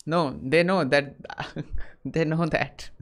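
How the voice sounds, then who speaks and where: Man, Indian English accent, fairly high voice, teasing and blunt, video call chat. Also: steady tone, slow. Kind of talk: casual chat with strangers.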